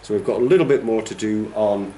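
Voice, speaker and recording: Counting and humming out rhythms, a male teacher trainer gives a patient classroom lecture and checks in with "okay?". He talks a little fast in a warm voice on the low side. The room is echoey, with a little hiss or hum.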